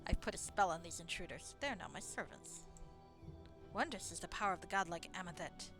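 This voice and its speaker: Lady doing a pompous wizard king w/ a fake southern drawl, bossy, lively up and down pitch. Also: a little fast, music in the background. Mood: imperious. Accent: put-on southern drawl. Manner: grandiose, commanding. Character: pompous male sorcerer ruler, imperious, quick to anger.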